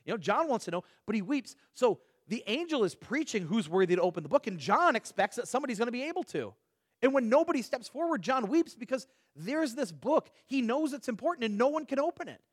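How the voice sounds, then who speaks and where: A man's voice: high-pitched, no room sound, clean studio sound. A man teaching a Bible study in a conversational way, asking rhetorical questions, giving everyday examples and often restarting his words. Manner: frequent quick restarts and repeated words.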